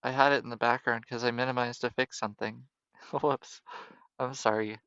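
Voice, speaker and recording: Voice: medium pitch, fairly even intonation, moderate pace, fairly bright tone, clean tone, no room sound, muffled recording. A streamer chatting casually during a live stream in an apologetic, laughing way.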